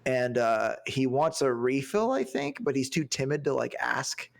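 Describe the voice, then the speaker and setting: A male podcast co-host with a mid-range, vocal-fry voice chats casually about a film at normal speed, his pitch swinging widely, with slight background noise. In this casual movie review chat he rambles and searches for words, using lots of fillers.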